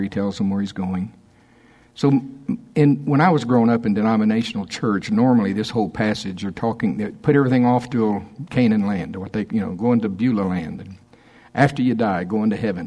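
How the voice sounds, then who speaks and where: A man preaching a conversational sermon, laughing often and slowing down to stress scripture verses. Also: fairly low pitch, darkish tone. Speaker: pastor.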